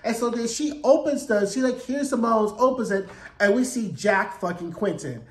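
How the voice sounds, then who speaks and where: A man's voice: extremely high pitch, animated, normal speed, roomy sound. A man giving a casual, sassy and profane recap of a TV episode, acting out quotes in voices.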